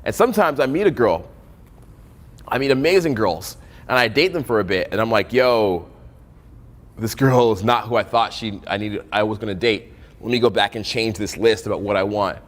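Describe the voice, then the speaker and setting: A man's voice: lowish voice, moderate pace, in a large hall. A young man coaching on dating in a casual, profane storytelling style, acting out both sides of conversations.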